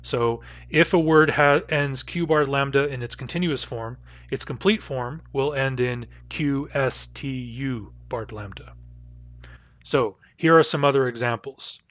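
Man, language teacher, slow careful repetition, dull lo-fi sound. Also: mid-range voice, fairly bright tone, no room sound. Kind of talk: language lesson.

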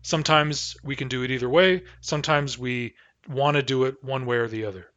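A man leads a language lesson in a mid-range voice, patient and explanatory. He pauses with frequent fillers and carefully repeats example sentences at a slower pace. The sound is dry, with no room echo. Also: mid-range voice, a bit bright, muffled recording. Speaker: language teacher. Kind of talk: language lesson with student questions.

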